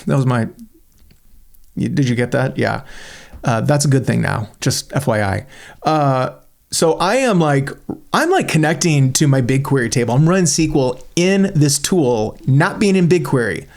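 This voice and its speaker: A man at an ordinary pitch talks through a software tool on screen, thinking aloud as he goes. His delivery is casual and enthusiastic, like a host walking viewers through his own test run. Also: animated, moderate pace, gravelly. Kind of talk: screen-recorded software walkthrough.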